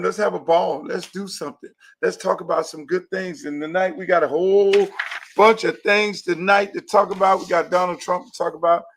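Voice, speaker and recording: Brief: blunt, brash male talk host with a high voice who rants profanely and does not hold back. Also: fairly bright tone. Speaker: podcast host. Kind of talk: casual talk show monologue.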